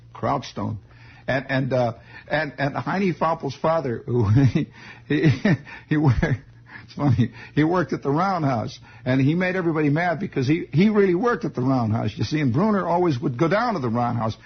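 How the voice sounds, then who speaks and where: Husky, lively rambling radio storyteller man. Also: fairly high pitch, normal speed. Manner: rambling, chuckling, digressive. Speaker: radio host. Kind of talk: improvised radio storytelling monologue. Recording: dull lo-fi 1960s radio broadcast.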